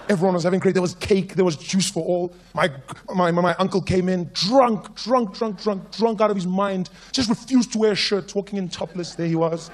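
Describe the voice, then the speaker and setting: A young man telling stand-up comedy stories, animated and acting out characters and sound effects. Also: high voice, fast talker, hardly any pauses. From South Africa. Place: live comedy stage.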